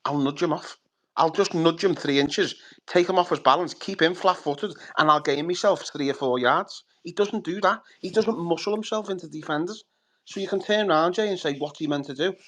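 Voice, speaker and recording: A man's voice: a little high, fairly quick. A man, co-hosting a football fan chat show, talking bluntly and animatedly with lots of swearing. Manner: blunt, sweary, animated, acts out players' thoughts. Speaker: podcast co-host.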